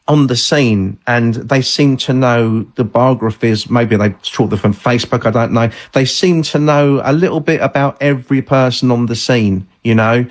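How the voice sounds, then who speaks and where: A man, a guest author on a radio call-in show, telling stories in a measured way with many fillers and restarts. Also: medium pitch. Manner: hesitant, measured storytelling with fillers.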